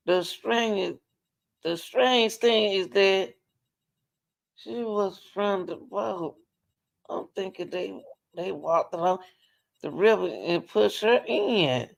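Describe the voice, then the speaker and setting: A woman hosting a casual live stream, talking excitably and in scattered bursts, repeatedly telling viewers to hold on while she searches. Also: medium pitch, slow, vocal fry, long pauses. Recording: dull lo-fi audio.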